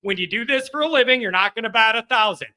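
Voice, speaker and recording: A man's voice: very high voice, fast talker, pushed and bright. A man hosting a live call-in sports talk show, blunt and combative as he answers viewers. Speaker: show host.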